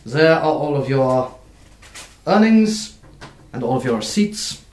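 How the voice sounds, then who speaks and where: A man voicing a prim, brisk female dwarf lawyer who talks in a curt, formal way. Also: mid-range voice, very animated, a little mellow, reverberant.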